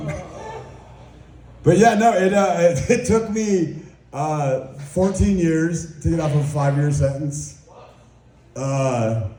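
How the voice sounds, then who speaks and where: A man's voice: on the high side, warm tone, reverberant. A young man doing a crude, rambling, self-mocking stand-up set in a small club. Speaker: stand-up comedian.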